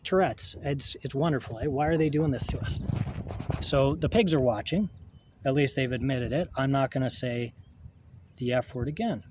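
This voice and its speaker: A man, talking in a halting, rambling monologue to camera, full of restarts and swearing. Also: mid-range voice, noisy background. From Canada.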